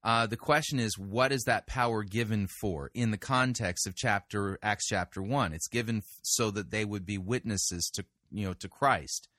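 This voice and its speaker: A man's voice: fairly low pitch, normal speed, hardly any pauses, sharp tone, no room sound, clean studio sound. A man hosting a show of sermon reviews, talking in a firm, corrective, argumentative way. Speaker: podcast host reviewing sermons. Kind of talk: critical commentary.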